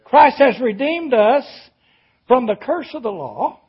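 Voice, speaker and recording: A man preaching a sermon, shifting between shouted emphasis and quiet, reflective reading. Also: very high-pitched, animated, unhurried, husky, muffled recording.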